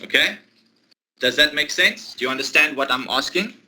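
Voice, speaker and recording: A man teaching English one-to-one, explaining a role-play exercise patiently, step by step, with pauses. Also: fairly high pitch, animated, bright, forceful tone, poor audio. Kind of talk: online one-to-one English lesson.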